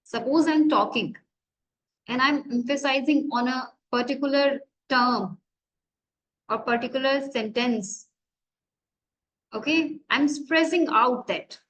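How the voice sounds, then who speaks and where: A woman's voice: sits high, takes it slowly, long pauses, highs cut off, a little hiss or hum. A woman college lecturer with an Indian English accent, teaching grammar and asking and answering her own questions.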